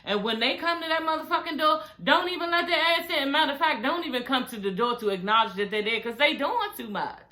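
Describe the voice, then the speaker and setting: A woman's voice: high voice, animated, quick pace, hardly any pauses, sharp tone. A woman vlogger casually recapping a reality show, sassy and profane, talking straight to her viewers. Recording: echoey room.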